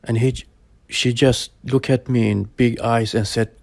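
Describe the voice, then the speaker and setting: A man in his forties telling a personal story in a halting way, with plain phrasing and many pauses and fillers. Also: medium pitch, steady tone, gravelly, no room sound. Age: 40s. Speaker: storyteller sharing a personal experience. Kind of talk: personal spoken account.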